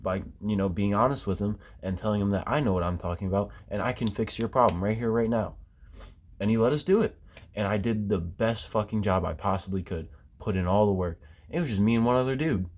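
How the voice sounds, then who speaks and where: A man's voice: fairly low pitch, fairly quick, darkish tone. A man ranting casually about quitting his job, swearing constantly and rambling with fillers and restarts. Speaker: former basement waterproofing worker. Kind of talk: casual profane rant.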